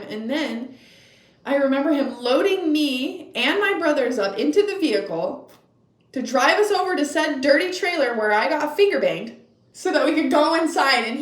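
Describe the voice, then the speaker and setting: A young woman spins a casual storytime tale for her vlog, blunt and animated, cursing freely. Her voice sits a little high. She is a bit back from the mic in an echoey room. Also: distant mic. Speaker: vlogger.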